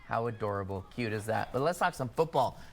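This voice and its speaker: A man co-anchoring a high school football highlights show, upbeat and full of sarcastic banter with his partner. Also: lively intonation, fairly quick, vocal fry. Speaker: sports news co-anchor.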